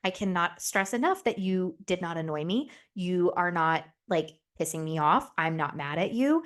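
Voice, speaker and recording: Animated and speaking at a normal speed, this young podcast host has a lowish voice. She keeps things chatty, frank and profane, performing the quoted voices as she tells her stories.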